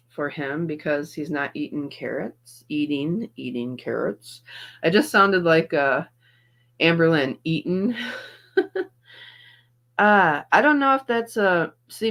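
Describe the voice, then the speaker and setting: Reacting to videos on her livestream, a middle-aged woman chats easily and says hello to viewers by name while hurting a bit and not feeling quite right. She has a low voice with a fairly bright tone.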